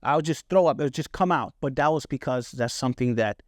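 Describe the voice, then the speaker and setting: A man's voice: medium pitch, quick pace, no room sound. Middle-aged guy podcasting, casual storytelling, cusses, dry close sound. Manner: casual and candid, checks in with "right?", swears freely. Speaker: podcast host. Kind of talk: personal storytelling monologue.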